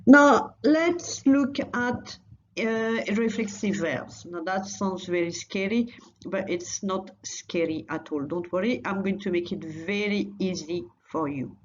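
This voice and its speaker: A woman's voice: fairly low pitch, a little slow, highs cut off, a little hiss or hum. A woman teaching a recorded language lesson, patiently repeating phrases for learners.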